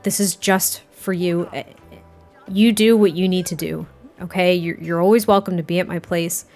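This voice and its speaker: A woman voicing an earnest, tender young man who pleads softly and stumbles over his words. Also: lowish voice, steady tone, soft background music, natural voice. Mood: gentle. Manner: pleading, halting restarts.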